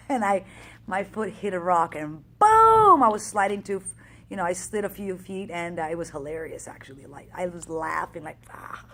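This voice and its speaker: Energetic woman fitness coach telling a story. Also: fairly low pitch, moderate pace. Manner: energetic and chatty, acting out quoted exchanges. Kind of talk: casual motivational storytelling.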